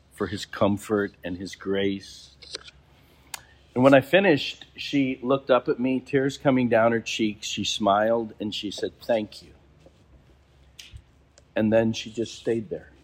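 A man, a bishop, preaching a sermon and telling a story, slowing down for emphasis. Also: fairly low pitch.

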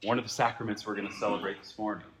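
A man with a fairly low voice preaches a sermon in church. He is earnest, rising to emphatic peaks and then dropping to quiet, reflective passages. Faint noise sits under the recording. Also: little pitch movement, very fast. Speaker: pastor.

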